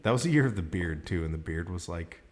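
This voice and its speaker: A man's voice: sits low, expressive, fast, a crowd in the background. A man in his twenties hosting a casual podcast chat, telling stories in a joking, laid-back way and swearing freely. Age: 20s. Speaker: podcast host.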